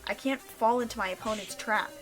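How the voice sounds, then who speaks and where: A woman voicing a scheming, smug young man in a game, read quietly with a sneer, game music behind. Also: a little high, fairly quick, natural voice.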